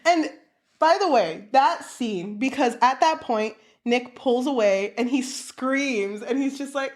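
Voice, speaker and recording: A woman co-hosting a casual book podcast, swearing freely and acting out quotes from the story. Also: takes it slowly. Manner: animated, swears, acts out quotes with big pitch jumps. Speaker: podcast co-host.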